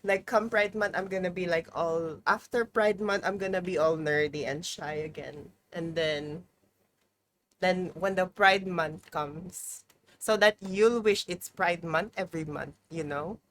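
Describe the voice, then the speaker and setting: A woman's voice: fairly low pitch, measured pace, a bit bright, a little hiss or hum. A young woman chatting casually on a live stream, playful and mock-dramatic, swearing freely, from a room at home with a heater running. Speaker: livestreamer.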